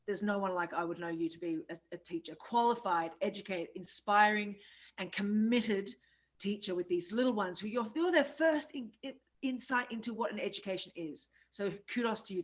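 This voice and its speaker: A woman's voice: mid-range voice, low-quality recording. Effusive, encouraging woman co-host. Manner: effusive and encouraging, quick to cheer. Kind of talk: casual chat.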